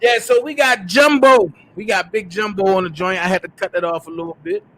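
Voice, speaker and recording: A man hosting a casual livestream, calling out loudly to his viewers in slangy, hyped talk. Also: sits high, a little fast. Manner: loud, hyped, slangy call-outs to viewers. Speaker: livestream host.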